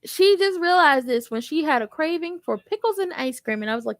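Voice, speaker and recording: A young woman in a sassy, joking tone recapping a TV episode in a casual, animated way. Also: sits high, fairly quick, hardly any pauses, dry recording. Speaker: tv recap vlogger.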